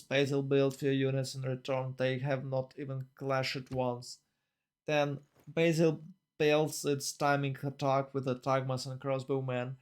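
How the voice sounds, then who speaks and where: A man casting a strategy game tournament live, talking in a rambling, excitable way full of fillers and restarts. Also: mid-range voice. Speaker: tournament caster. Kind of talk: live esports commentary.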